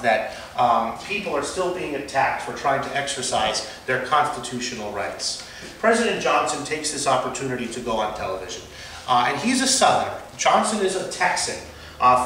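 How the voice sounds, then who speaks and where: A man's voice: fairly high pitch, bright, forceful tone, a little hiss or hum. Man lecturing from far in echoey room. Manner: unscripted with frequent fillers and restarts. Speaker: history teacher.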